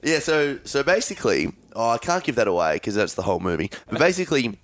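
A man's voice: medium pitch, big pitch swings, quick pace. A man co-hosting a podcast, rambling through a movie recap with crude jokes and lots of fillers. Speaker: podcast co-host. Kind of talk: casual chat.

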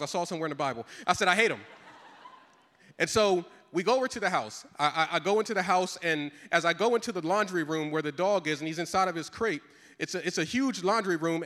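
A middle-aged man, a pastor, telling a comic story in a sermon with lively, animated delivery and lots of repetition. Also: on the high side, in a large hall.

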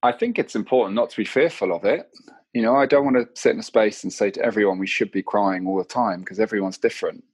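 A man's voice: lowish voice, quick pace, a little mellow, breathy edge, no echo. A man in his thirties, a mindset coach, telling personal stories candidly and reflectively in a casual podcast conversation, often restarting his sentences. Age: 30s.

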